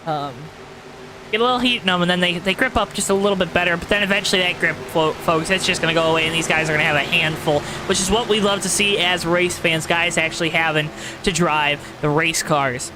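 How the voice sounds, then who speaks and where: A man delivers online sim racing play-by-play in a theatrical announcer voice aimed straight at the audience. His voice is on the high side and steady, a little fast, against a noisy background.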